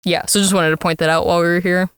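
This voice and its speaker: Female co-host, easygoing recap talk, clean smooth voice, dry close mic. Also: on the low side, very fast, no echo. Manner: relaxed, thinking aloud with likes and fillers. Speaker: podcast co-host. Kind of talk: casual recap chat.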